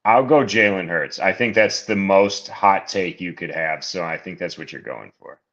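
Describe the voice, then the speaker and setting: A man's voice: low voice, dull audio. A man co-hosting a podcast, chatting casually about football in a laid-back way. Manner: slow, laid-back, monotone at times. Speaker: podcast co-host. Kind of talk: casual sports chat.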